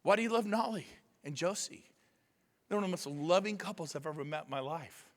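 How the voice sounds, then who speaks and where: A man giving a motivational speech at a conference, emphatic and swinging from loud shouts to quiet asides. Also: high voice, lively intonation, brisk, long reverb tail. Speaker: conference speaker. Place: large conference room.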